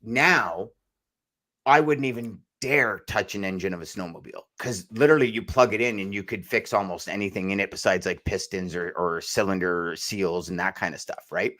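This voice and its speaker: A man's voice: deep voice, a bit bright. A man co-hosting a podcast, talking in a loose, rambling way and calling his co-host "brother". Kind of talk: casual podcast chat.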